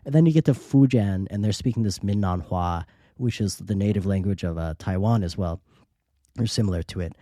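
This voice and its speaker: A man with a low, very dark and mellow voice tells a travel story in a relaxed podcast style. He acts out the lines of the people he met along the way. The sound is dry and close, with no room around it. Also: brisk, no room sound. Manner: lively anecdotal storyteller, acts out quoted dialogue. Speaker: podcast host. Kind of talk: casual storytelling.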